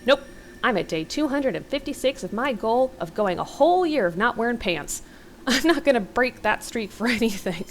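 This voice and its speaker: A woman's voice: a little high, lively intonation, normal speed, slight background noise, voice pushed up, natural voice. A woman voicing a goofy, cheerful young male college student, boastful and giggly. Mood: bragging.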